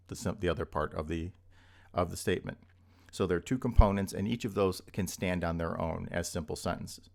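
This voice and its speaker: A man with a low, gravelly voice teaches an introductory logic lesson. He explains step by step, repeating examples and often pausing to ask "right?" His delivery is that of a recorded lecture. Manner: explanatory, repeats points with frequent "right?" checks. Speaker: logic instructor.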